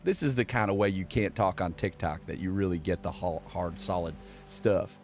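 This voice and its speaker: A man's voice: low-pitched, normal speed, a little mellow, soft background music. A man giving casual, sarcastic political commentary, rambling and reading headlines aloud as a show host.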